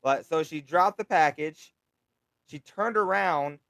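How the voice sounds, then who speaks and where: A man co-hosting a casual podcast chat, retelling stories with lively acted quotes; he works as a delivery driver. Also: a little high, slow, vocal fry, no echo. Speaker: podcast co-host.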